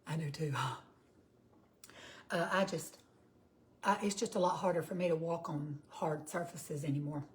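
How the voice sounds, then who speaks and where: A woman's voice: sits low, fairly even intonation, normal speed, pauses often, slight background noise. A woman in her fifties with a Southern US accent, chatting casually with viewers on her cooking livestream and greeting them by name. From Georgia, US. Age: 50s. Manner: chatty, reads out viewer comments.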